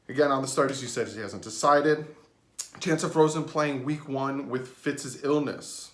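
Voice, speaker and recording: A man's voice: steady tone, a little slow. Male sports vlogger, mid-range voice, wry joking delivery, reverberant room. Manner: joking, sarcastic asides with sudden pitch jumps. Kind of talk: casual fan commentary. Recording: roomy echo.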